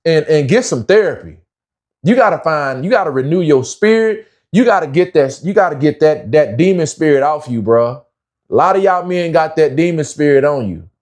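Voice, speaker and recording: Man, young adult, preachy, lecturing, fairly high-pitched. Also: a little mellow. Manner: preachy, slangy, lecturing, says "bruh" often. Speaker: commentary vlogger. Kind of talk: opinionated commentary monologue.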